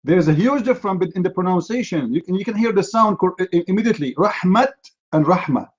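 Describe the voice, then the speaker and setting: Expressive and racing, a debate host with a slightly high voice lectures and mocks his opponent combatively during a heated live online debate. The sound is dull and lo-fi.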